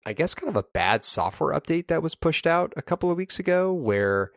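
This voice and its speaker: A man's voice: on the high side, very animated, fairly quick, fairly bright tone, no room sound. A man co-hosting a podcast from home, talking casually with dry, wry humor and stammering starts. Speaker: podcast co-host. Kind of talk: casual chat. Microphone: laptop recording setup.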